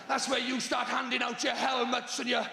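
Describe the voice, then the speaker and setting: A man doing a live stand-up routine on a large theatre stage, exasperated and bursting into shouts. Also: very high voice, monotone, moderate pace, gravelly, roomy sound, in a large hall, a faint crowd. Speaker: stand-up comedian.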